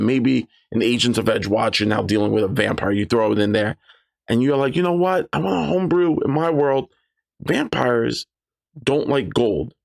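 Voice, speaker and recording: A man, a game master, giving casual advice and acting out players and game masters in lively quoted asides. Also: mid-range voice, gravelly.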